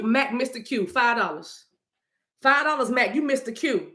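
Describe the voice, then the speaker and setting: A woman's voice: on the high side, animated, moderate pace, fairly bright tone, roomy sound. A woman reading cards on a livestream, talking casually and playfully to her viewers and breaking into song now and then. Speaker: livestream card reader.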